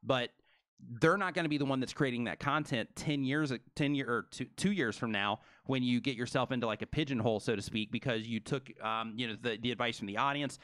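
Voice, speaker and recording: A man co-hosting a live stream, rolling along at a fast, energetic clip and packing his talk with "you know" and "right". His voice sits mid-range, and the close mic leaves it dry with almost no room sound. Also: mid-range voice, dry recording. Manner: fast, energetic, filler-heavy. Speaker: co-host.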